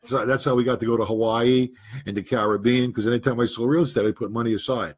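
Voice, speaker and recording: A man's voice: mid-range voice, steady tone, fast talker, slightly rough. An older man, a former policeman and businessman, telling stories from his past in a casual, rambling way on a podcast. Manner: rambling, recollecting aloud. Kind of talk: casual conversational storytelling.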